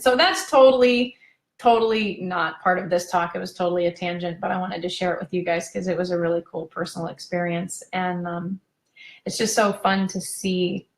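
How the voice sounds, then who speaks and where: Gushing woman with a gravelly voice. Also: lowish voice, echoey room. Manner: chatty and gushing, wanders off on tangents. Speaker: parenting coach hosting a live video talk. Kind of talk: casual live-stream chat.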